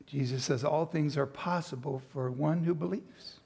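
A man's voice: fairly high pitch, moderate pace, creaky, darkish tone, breathy edge. A man preaching a sermon, reading scripture and then retelling the story with playful acted-out asides. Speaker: pastor.

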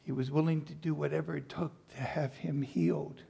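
Man, pastor preaching a sermon, slightly high voice, husky, reads scripture and acts out the story. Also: steady tone, normal speed, dark tone. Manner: reads scripture then retells it with playful acted-out asides.

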